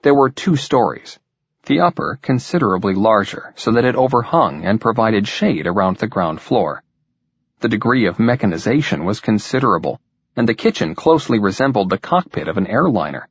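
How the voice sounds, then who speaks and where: Male audiobook narrator, low husky voice, measured delivery, dull lo-fi sound. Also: dry recording. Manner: measured, even storytelling. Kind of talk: scripted narration. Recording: dull, dry lo-fi recording.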